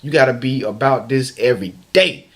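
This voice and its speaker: A man at an ordinary middle pitch delivers a motivational vlog. He drives his points home by repeating short phrases over and over. His speech is loose and slangy, full of restarts. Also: moderate pace. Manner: emphatic and repetitive, hammering phrases over and over; casual slangy talk with frequent restarts. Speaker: motivational vlogger. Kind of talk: motivational talk to camera.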